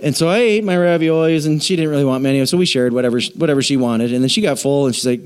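A middle-aged man, the pastor, preaching a sermon in an animated, self-deprecating storytelling way. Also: mid-range voice, racing, few pauses, smooth.

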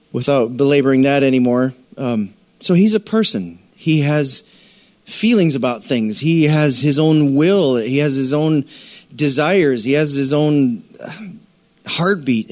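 A man giving an informal sermon in a relaxed, conversational way. He uses plenty of fillers and keeps turning to his listeners with questions. His voice sits at an ordinary middle pitch. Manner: conversational, asks the audience questions, many fillers. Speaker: pastor or Bible teacher.

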